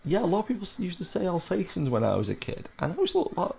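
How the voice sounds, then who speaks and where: Rambling British man with a gravelly voice. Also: high-pitched, wildly swooping pitch, very fast, warm tone, a little hiss or hum. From United Kingdom. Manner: rambling, full of fillers and asides. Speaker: film commentary podcaster. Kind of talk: casual solo film commentary.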